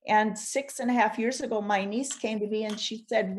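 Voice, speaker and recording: A woman's voice: mid-range voice, steady tone, moderate pace, few pauses. A woman from Minnesota, speaking on a panel, reflectively telling the story of how her family history became a film. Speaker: documentary subject. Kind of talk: panel discussion.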